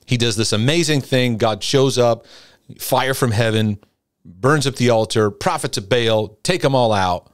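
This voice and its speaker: A middle-aged man teaching in a sermon-like broadcast, acting out pleading prayers in a high voice. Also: unhurried, clear, resonant tone, no echo, studio quality. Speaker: Christian teacher and coach.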